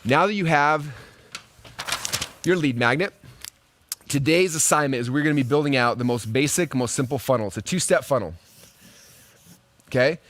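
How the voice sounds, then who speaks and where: A man in his thirties teaching a live online marketing webinar, telling stories quickly and with energy, often checking in with "right?" and "okay?". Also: mid-range voice, a little hiss or hum. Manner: fast, energetic storytelling with lots of "right?" and "okay?".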